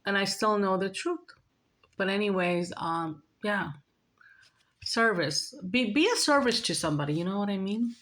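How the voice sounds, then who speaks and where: A woman vlogger speaks straight to her viewers in a chatty, earnest way. She repeats herself often and slips into little acted-out bits of dialogue. Her pitch sits at an ordinary middle level. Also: normal speed, fairly bright tone. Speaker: spiritual vlogger. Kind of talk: casual spiritual talk to viewers.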